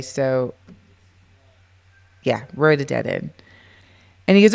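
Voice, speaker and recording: A middle-aged woman talks as a guest on a podcast, telling her story in a relaxed, conversational way. Her voice sits low, and she brings her story to life by acting out the dialogue of the people in it. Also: slow pace, gravelly, long pauses. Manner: animated, acts out quoted dialogue. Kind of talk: casual storytelling.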